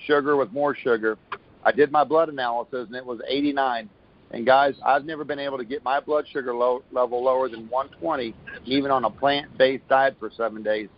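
A man's voice: mid-range voice, fairly even intonation, fairly quick. A man giving a rambling, upbeat testimonial on a phone call, with many restarts. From Florida. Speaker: caller giving a product testimonial.

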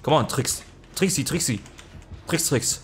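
A man giving live gameplay commentary, excitable, swearing casually, jumping to high yelps when the game gets tense. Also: measured pace, faint music behind. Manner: swears casually and laughs at himself. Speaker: video game streamer.

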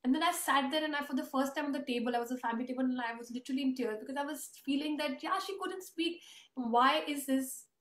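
A woman's voice: high-pitched, fast talker. A woman telling an emotional family story in earnest, conversational tones during an interview. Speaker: host and author. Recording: roomy echo.

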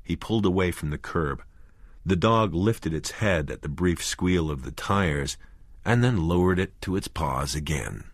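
Male audiobook narrator, slow, lively delivery, dry close recording. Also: low voice, dry recording.

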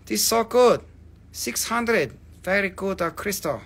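A man's voice: sits high, expressive, a little slow, fairly bright tone, breathy edge. A man hosting a live crystal sale, joking and teasing viewers, swearing freely and acting out mock despair over his own discounts. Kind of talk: joking live sales chat.

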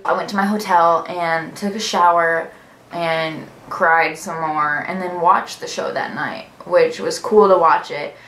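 Excitable young woman telling a story. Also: on the low side, unhurried. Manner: excitable, gushing, breaks into laughter. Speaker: vlogger. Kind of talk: story time vlog. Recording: roomy echo, faint music.

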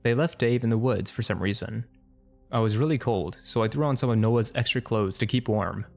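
A man's voice: mid-range voice, a little fast, creaky, darkish tone, soft background music. Man with a wry comedic story narration.

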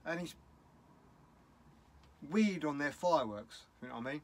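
A man's voice: on the high side, lively intonation, moderate pace, pauses often. A middle-aged man with a British English accent, talking in a casual vlog, upset and rambling bluntly. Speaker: vlogger.

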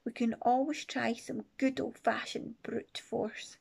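A woman voicing a daring, sweet old grandmother who speaks in a hushed, lowered voice. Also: level tone, slow, creaky, slightly rough, heavily acted.

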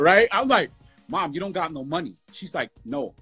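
A man from New York City, a music producer guest, telling stories from his youth in a fast, emotional, casual way over a phone livestream. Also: a little high, a bit bright, slightly rough. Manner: fast, emotional storytelling with lots of "bro". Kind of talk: casual storytelling interview.

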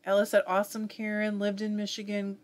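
A woman's voice: mid-range voice, monotone, a little fast. A woman with a Southern US accent hosting a live fiber arts stream, chatting casually and reading viewer comments aloud with frequent laughs.

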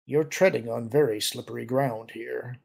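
A man voicing a coldly threatening male imperial officer who speaks in soft warnings. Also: mid-range voice, fairly even intonation, moderate pace, creaky. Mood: menacing. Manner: cold, warning. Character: menacing male imperial major, quietly threatening.

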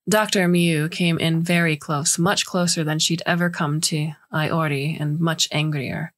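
A woman narrating a science fiction story in a measured, scripted way. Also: sits low, fairly even intonation.

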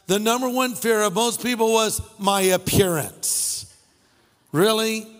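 A man's voice: high voice, unhurried, long reverb tail, faint music behind. A middle-aged male pastor preaching a sermon, telling funny stories and making wry asides. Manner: storytelling with jokes and asides. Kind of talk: humorous sermon.

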